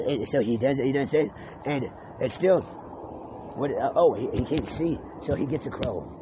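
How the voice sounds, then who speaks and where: A man's voice: medium pitch, expressive, normal speed, mellow. A man in a rambling spoken monologue who repeats words, restarts often and swears freely. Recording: muffled lo-fi with clear background noise.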